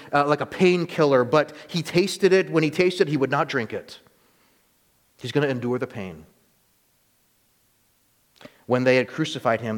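A man preaching a sermon, reading scripture aloud and stopping to explain it with rising intensity. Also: medium pitch. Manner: reads scripture then comments with rising intensity. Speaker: pastor. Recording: long reverb of a large hall.

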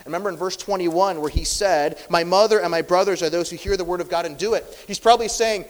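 Male pastor, sermon, swings from loud emphasis to near-hush, slightly high voice, long hall reverb. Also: normal speed, few pauses. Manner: dramatic shifts between loud emphasis and hushed delivery.

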